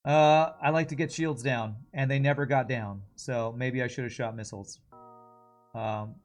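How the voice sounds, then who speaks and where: A man commentating his own live gameplay in a relaxed, chatty way. He swears freely and laughs easily as the run goes on. Soft game music plays quietly underneath, and his voice sits at an ordinary, average pitch. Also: moderate pace. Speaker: streamer.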